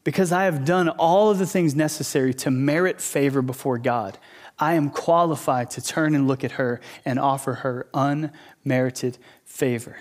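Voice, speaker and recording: A man preaching, voicing Jesus as a calm, gentle and authoritative teacher. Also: mid-range voice, normal speed, close to an everyday voice. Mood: reassuring.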